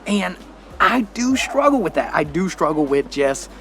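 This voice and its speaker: A man's voice: high-pitched, sing-song, measured pace, a bit bright, soft background music. An American man vlogging in a candid, reflective way, full of casual slang. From United States. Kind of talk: casual talk to camera.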